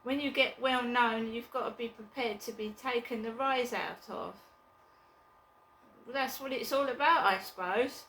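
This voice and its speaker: A woman vlogging from her flat, chatting casually and bluntly in a rambling way, with occasional swearing. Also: fairly high pitch, unhurried, roomy sound, slight background noise, poor audio. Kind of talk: casual chat to camera.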